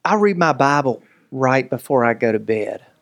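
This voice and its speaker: A man, preaching a lively, joking sermon as pastor. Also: mid-range voice, normal speed, creaky. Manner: animated, joking, preacherly delivery with voices and asides.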